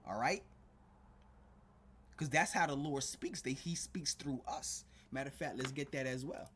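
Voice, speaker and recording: A man with a husky, slightly rough voice preaches fervently to his viewers. He punctuates nearly every phrase with "all right?" and "man". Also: mid-range voice, unhurried, a bit bright. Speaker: street preacher. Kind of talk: preaching to a video audience.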